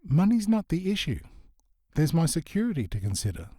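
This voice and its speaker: A man's voice: on the high side, big pitch swings, brisk, mellow, no room sound, pitched above the performer's own voice. Dry, skeptical woman shop owner who hates mornings, voiced by a male reader; dry close sound. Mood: wry. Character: grumpy young woman who runs a shop.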